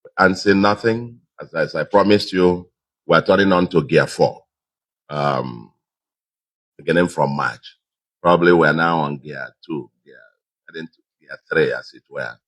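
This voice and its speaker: A man's voice: very deep voice, measured pace, long pauses. A man with a Nigerian accent giving a victory speech as a re-elected governor, emphatic and repeating his key phrases.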